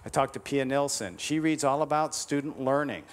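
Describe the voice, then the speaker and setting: A man giving a motivational lecture to golf teachers, emphatic, slowing on key advice and tagging his points with "all right?". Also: medium pitch. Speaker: conference speaker to golf teachers.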